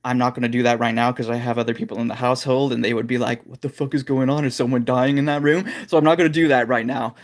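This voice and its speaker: A man at home talks through a casual vocal lesson on a livestream. His sentences ramble and loop back, full of fillers. His voice sits at an ordinary middle pitch. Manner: rambling, loose talk with many fillers. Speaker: vocal coach streaming live.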